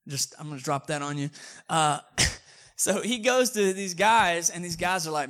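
Pastor, chatty humorous sermon, slightly high male voice. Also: normal speed, fairly bright tone. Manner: casual, joking, conversational preaching.

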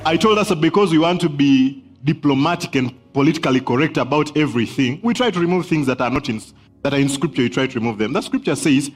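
A man's voice: fairly high pitch, expressive, fast, faint music behind. A man preaching a sermon as pastor, emphatic, repeating key phrases and laughing between points.

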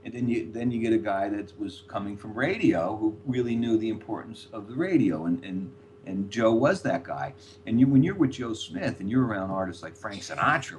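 An older man from the New York area tells long, rambling stories as a podcast guest. He repeats words and laughs at his own tales. His voice is a little low, with a faint hiss behind it. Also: expressive, moderate pace. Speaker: guest, former record label executive. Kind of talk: storytelling in a podcast interview.

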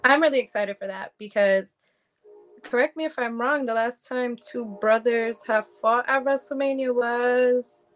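A woman's voice: a little high, a little slow, soft background music. Bubbly woman co-hosting a wrestling chat. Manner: bubbly, teasing. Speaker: podcast co-host. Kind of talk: casual wrestling review chat.

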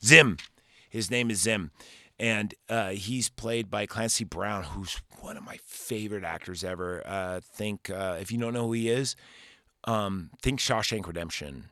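A male podcast host giving a rambling, profane, animated casual recap of a movie. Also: on the low side, a little slow, no echo, studio quality.

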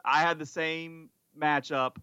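A man's voice: fairly high pitch, fairly even intonation, takes it slowly, lo-fi sound, over a noisy crowd. A man co-hosting a podcast in casual chat, talking eagerly and rambling with lots of fillers. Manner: enthusiastic, rambling, many "like" fillers. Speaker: podcast co-host.

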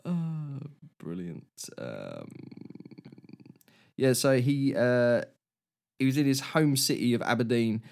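A man co-hosts a loose comedy podcast, reading a news story aloud between giggles. His voice sits at an ordinary middle pitch. He talks casually, like he is chatting with a mate. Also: sing-song, slow pace, creaky, a little mellow. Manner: giggly, reads quotes with a chuckle. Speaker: podcast co-host.

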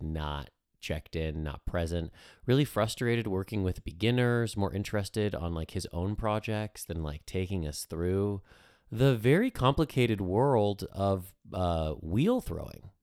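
A man with a very low voice who co-hosts a podcast and tells stories in a chatty, animated way. The sound is dry and close, recorded on a studio mic in a dead room. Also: takes it slowly, clean tone, no room sound. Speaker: podcast co-host. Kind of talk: casual chat.

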